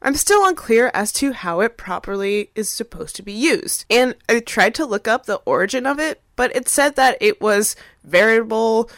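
A woman's voice: on the high side, lively intonation, moderate pace, hardly any pauses, fairly bright tone, no echo, clean studio sound. A woman in her thirties telling a playful, self-mocking story about a puzzling phrase. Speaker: contributor sending in a question. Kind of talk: scripted monologue.

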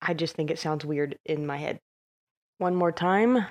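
A woman's voice: low-pitched, unhurried, darkish tone. Playful woman podcast host. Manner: playful, self-mocking. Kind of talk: scripted podcast outro and blooper chat.

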